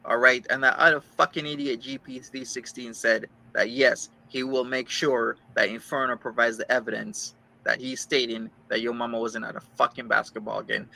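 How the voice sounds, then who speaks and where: Gravelly man ranting angrily. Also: medium pitch, steady tone, moderate pace, hardly any pauses, bright, forceful tone, rough recording. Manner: heated, insulting, repetitive. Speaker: streamer ranting about a rival. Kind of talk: angry profane rant.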